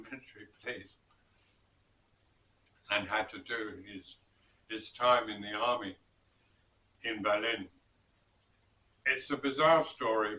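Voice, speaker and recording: A man recounts an old story at an unhurried pace, drifting and pausing as he goes. His voice is bright and clear. He sits back from the mic in an echoey room. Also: mid-range voice, far from the mic. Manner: slow and rambling, with pauses and self-corrections. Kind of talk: casual spoken storytelling.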